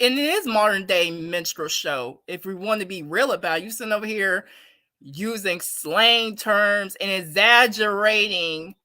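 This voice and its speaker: A woman's voice: mid-range voice, sharp tone, no room sound. A woman giving a casual, heated, profane opinion rant to her viewers, blunt and repeating herself for emphasis. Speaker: commentary streamer.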